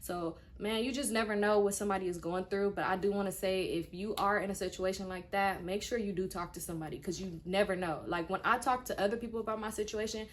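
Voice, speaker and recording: A woman's voice: mid-range voice, quick pace, hardly any pauses. A woman in her twenties telling a personal story to her viewers in a casual, frank way. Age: 20s. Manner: animated retelling that acts out quoted speech; frank and conversational, speaking to viewers directly. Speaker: vlogger.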